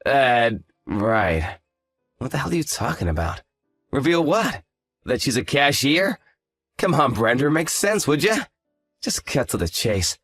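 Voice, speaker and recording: A man's voice: mid-range voice, big pitch swings, a little slow, a bit bright, no room sound, soft background music, full character voice. A man voicing an arrogant, hungover young fiancé who talks in a lazy, condescending, sarcastic way. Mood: impatient. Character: arrogant hungover male fiancé, dismissive and smug. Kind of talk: scripted story drama.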